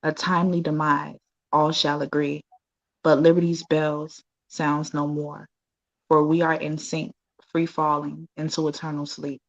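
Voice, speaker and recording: A woman reading her own poems aloud in a slow, solemn recitation. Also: low-pitched, little pitch movement, lo-fi sound. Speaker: guest poet.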